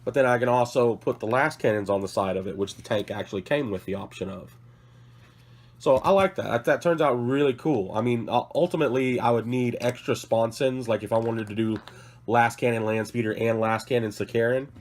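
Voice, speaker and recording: A man's voice: mid-range voice, fairly quick. A man with a cough, sick, hosting a casual hobby vlog from his work table, rambling and correcting himself as he shows off models. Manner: rambling, self-correcting, apologetic. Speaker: hobby channel host.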